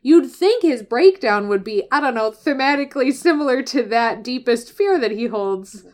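A woman's voice: high-pitched, animated, normal speed. A woman chatting casually about a game, reflecting on choices and story in a conversational, analytical way, laughing often. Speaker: podcast co-host. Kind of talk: casual chat.

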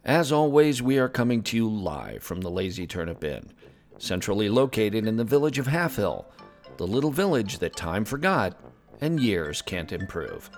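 A man's voice: on the low side, big pitch swings, moderate pace, soft background music. A man voicing a young male Pandaren journalism student who hosts an in-character tavern review podcast in an upbeat, folksy way. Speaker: host.

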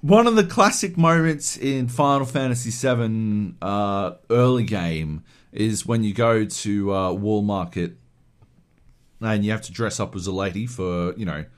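A man's voice: lowish voice, unhurried. A man co-hosting a podcast, ranting animatedly and swearing a lot in casual chat. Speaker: podcast co-host.

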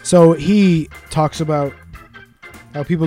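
Over soft background music, a man with a slightly high, warm voice co-hosts a podcast. He's a fast, sweary storyteller who acts out quotes during the casual chat.

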